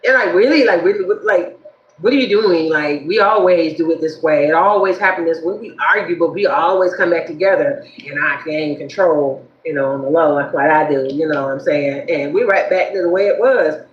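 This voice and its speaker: A woman's voice: low voice, a little fast, roomy sound, highs cut off, natural voice. A woman voicing a resentful, controlling ex-partner who whines and wheedles to get back in. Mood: pleading. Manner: accusing, whiny, wheedling.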